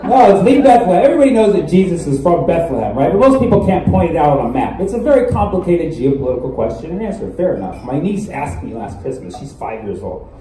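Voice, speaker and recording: A man performing stand-up comedy, telling a story in a rapid, mock-pedantic way. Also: a little high, big pitch swings. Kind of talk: stand-up set. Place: live comedy venue with audience. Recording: distant, roomy live club audio with loud crowd.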